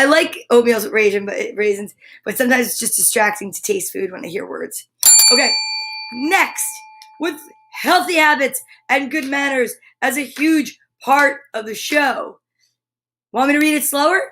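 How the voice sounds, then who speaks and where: A woman with a slightly high, somewhat bright voice hosts a casual live show. She chats playfully with her viewers and reads a tongue-twister aloud in an upbeat live-stream style.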